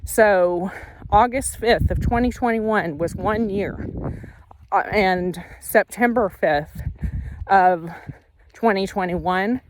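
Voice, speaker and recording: Out on a walk, a woman who vlogs about faith delivers an earnest, casual pep talk on faith and fitness, repeating and correcting herself along the way. Her mid-range voice moves slowly, with slight background noise behind it.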